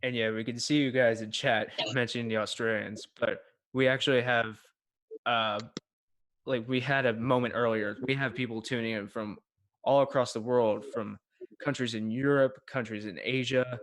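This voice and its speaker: A man's voice: medium pitch, fairly even intonation, moderate pace, a bit bright. A man hosting a casual late-night livestream, chatting in a friendly, appreciative, rambling way. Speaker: livestream host.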